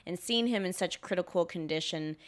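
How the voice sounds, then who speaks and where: A woman's voice: lowish voice, fairly quick. A young woman co-hosting a podcast, chatting casually and sarcastically with lots of filler words. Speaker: podcast co-host. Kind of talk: casual chat.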